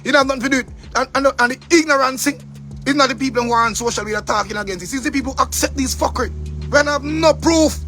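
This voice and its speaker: High-pitched, heated Jamaican man. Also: fast, bright, forceful tone. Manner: angry, profane, preachy, repeats for emphasis. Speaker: commentator. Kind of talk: heated monologue rant.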